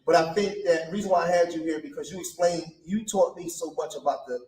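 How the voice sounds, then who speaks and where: A man interviews a guest in a loose, casual chat, firing off pointed questions at a rapid clip. He sounds distant from the mic, with a roomy echo around his fairly high voice. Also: a little mellow. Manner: quick, pushes with questions. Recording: echoey room from a distance.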